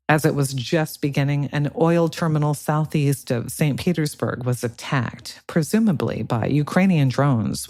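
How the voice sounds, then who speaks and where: A man narrating a political thriller audiobook in a steady, even reading. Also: a little high, no echo. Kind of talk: scripted narration.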